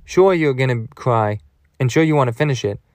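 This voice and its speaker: A blue puppet monster, played by a man, hurls crude, over-the-top threats. His pitch swings around as he rants. The sound is dry and close. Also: animated, fairly quick, a little mellow, no echo, lightly acted. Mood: menacing rant. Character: blue male puppet monster, menacing then silly.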